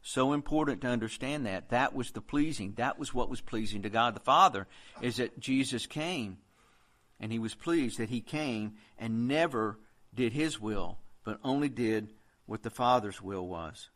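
A man's voice: mid-range voice, normal speed, fairly bright tone. A man preaching a sermon in an earnest, conversational way, quoting scripture as he goes.

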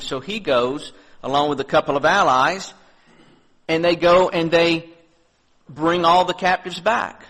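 A male pastor delivers a sermon with a slightly raised voice. He talks earnestly and conversationally, lifting his voice when he reads scripture and dropping to a softer tone when he reflects. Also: on the high side, rough recording. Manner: earnest preaching, rising on scripture readings, dropping soft on reflections.

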